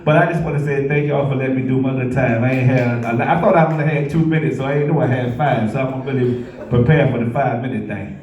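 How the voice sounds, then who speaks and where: A man's voice: mid-range voice, fairly even intonation, quick pace, a little mellow, distant mic, dull audio. A man doing a stand-up comedy set, rambling through stories and laughing at his own jokes. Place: comedy club stage. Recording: very echoey room from afar.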